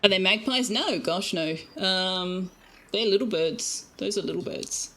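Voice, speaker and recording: A woman's voice: medium pitch, unhurried, a bit bright, low-quality recording. A woman chatting casually while streaming a game from home, talking to her viewers and now and then to her cat. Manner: chatty, talks baby talk to her cat. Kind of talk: casual live-stream chat. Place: home room with birds outside. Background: birdsong from outside.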